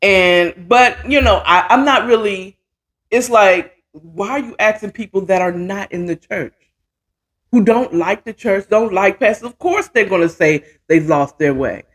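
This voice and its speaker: A woman's voice: mid-range voice, measured pace. A woman hosting a casual commentary chat from home, opinionated and rambling, with restarts and asides. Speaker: host. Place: home, at a computer.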